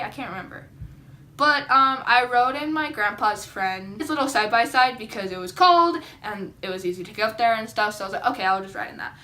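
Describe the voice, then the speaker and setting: A young woman vlogging to camera, telling a story in a chatty, excitable way with lots of "like" and dramatic reactions. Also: fairly high pitch, a little hiss or hum. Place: indoors at home, seated.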